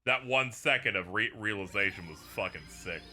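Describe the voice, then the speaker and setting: A man's voice: lowish voice, normal speed, bright, forceful tone, faint music behind. Joking, foul-mouthed young male streamer. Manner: profane, joking. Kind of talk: casual livestream chat.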